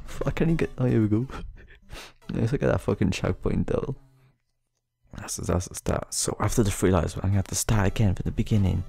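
A young man doing hushed gaming commentary late at night at home, tense and excitable, swearing in bursts and often dropping to a near whisper. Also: on the low side, moderate pace, creaky, faint music behind. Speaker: gaming YouTuber. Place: home at night while family sleeps.

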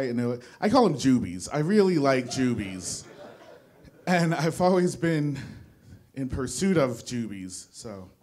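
A man's voice: medium pitch, a little mellow. A young man doing a stand-up comedy set, rambling and self-deprecating, often stopping and restarting his sentences. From New Jersey. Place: small studio with a live audience.

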